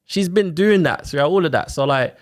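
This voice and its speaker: A man, telling his own story on a podcast in a casual, animated way, full of quoted back-and-forth and fillers like "like" and "innit". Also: on the high side, a little fast. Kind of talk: casual chat, personal story.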